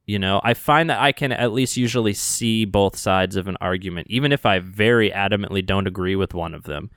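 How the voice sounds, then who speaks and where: Smooth-voiced man chatting on a podcast. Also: on the low side, brisk, no echo, studio quality. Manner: animated, rambling, restarts often. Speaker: podcast co-host. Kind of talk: casual chat.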